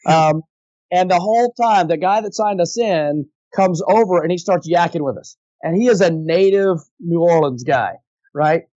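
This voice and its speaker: Chatty animated man telling a story. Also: high voice, normal speed, no room sound, lo-fi sound. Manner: animated, chatty, slips into impressions. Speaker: voice actor guest. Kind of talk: anecdotal interview storytelling.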